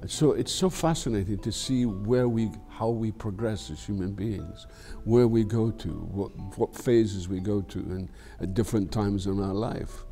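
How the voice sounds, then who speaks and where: An older Scottish actor, interviewed candidly, speaks in a fairly low, warm voice, a little slow with few pauses, faint music behind. He's frank, reflective and rambling, and swears freely.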